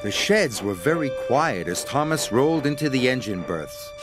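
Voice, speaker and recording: A man narrating a children's story in a gentle, expressive storyteller manner. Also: medium pitch, moderate pace. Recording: narration over music score.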